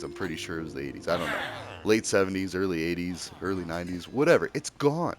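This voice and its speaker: A man's voice: low voice, very animated, quick pace. A man ranting in a casual, rambling way, heated and packed with fillers and restarts. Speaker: streamer. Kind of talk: casual rambling opinion rant. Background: music.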